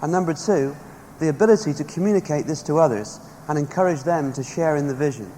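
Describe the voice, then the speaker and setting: A motivational speaker rallies a live audience in a large hall with stories, speaking emphatically at a seminar. His voice is on the high side, mellow and fast. The hall is echoey, with faint background noise.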